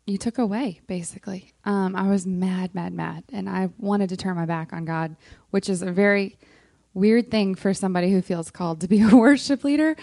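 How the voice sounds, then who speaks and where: A woman with a warm, gravelly voice talks softly through a personal faith story, pausing on frequent ums. Her voice is close and dry, with no room sound around it. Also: on the low side, no room sound. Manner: soft-spoken, frequent ums, emotional. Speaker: worship leader on a moms' panel. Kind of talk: casual heartfelt testimony.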